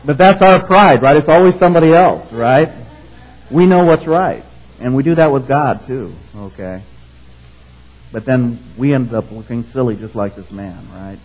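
Husky-voiced man preaching a sermon. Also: mid-range voice, animated, normal speed, a little mellow. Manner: conversational, keeps checking in with the congregation. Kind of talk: sermon with scripture reading. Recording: dull, muffled sound.

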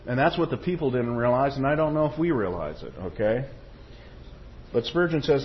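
A man's voice: mid-range voice, lively intonation, fairly quick, highs cut off. A man preaching a sermon, reading quotations and telling stories, often checking in with his listeners with "okay?" and "Amen?". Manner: storytelling, frequent "okay?" and "Amen?" check-ins.

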